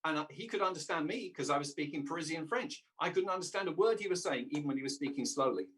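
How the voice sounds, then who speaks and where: Halting man, slightly high voice. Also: lively intonation, a bit bright. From England. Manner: halting, many restarts and fillers. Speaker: guest voice actor. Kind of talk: casual interview chat.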